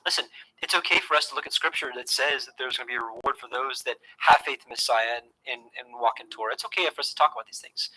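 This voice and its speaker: A man's voice: mid-range voice, sharp tone, low-quality recording. A man teaching scripture to his online audience in an earnest, conversational way, often repeating words and restarting his sentences.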